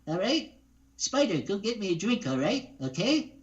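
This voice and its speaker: A man's voice: high voice, sing-song, normal speed, pitched above the performer's own voice. A man doing an impression of a hot-tempered male film gangster with a brash, needling delivery, on a dull, lo-fi recording. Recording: dull lo-fi sound.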